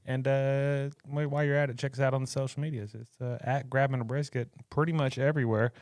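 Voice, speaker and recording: A man's voice: medium pitch, little pitch movement, fast, darkish tone, no echo, clean studio sound. A man co-hosting a podcast, easygoing and agreeable. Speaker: podcast co-host. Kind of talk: casual chat.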